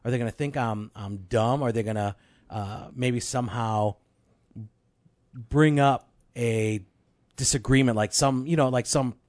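A man in his thirties, a pastor, chatting casually and telling stories with lively quoted voices. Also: mid-range voice, unhurried, pauses often, dry recording. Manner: animated storyteller who acts out quoted voices. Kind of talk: casual podcast chat.

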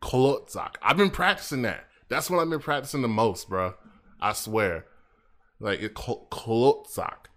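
A man's voice: mid-range voice, a little slow. A man co-hosting a podcast in casual chat, slangy and laughing often. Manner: animated, laughs a lot, slangy. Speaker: podcast co-host.

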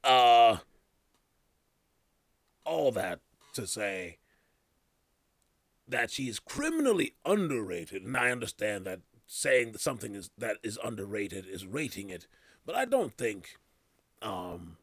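A man's voice: lowish voice, sing-song, slow pace, long pauses, dry recording. A man hosting a casual podcast, rambling with loose slang, trailing off and restarting his thoughts. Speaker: podcast host. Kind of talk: casual chat.

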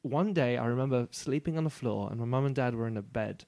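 A man's voice: mid-range voice, quick pace, darkish tone, no echo. A man, a comedian guest on a podcast, chatting playfully with rambling, jokey asides. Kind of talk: casual podcast chat.

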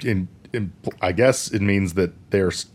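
A man's voice: sits low, a little slow. A man co-hosting a casual movie podcast, laid-back, swearing easily and recapping the plot with lots of filler words. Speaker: podcast co-host. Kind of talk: casual movie review chat.

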